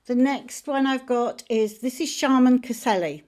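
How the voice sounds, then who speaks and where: Brief: woman tarot teacher, casual and warm in manner, talking through cards. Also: high-pitched, moderate pace. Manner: friendly, chatty, explaining cards as she shows them. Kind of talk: informal teaching on camera.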